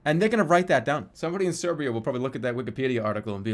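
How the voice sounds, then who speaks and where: A man streaming a game, rambling and joking about himself, then breaking into excited shouts. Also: mid-range voice, rapid-fire, few pauses. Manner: rambling, self-mocking, bursts into excited shouting. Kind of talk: casual live-stream commentary while gaming.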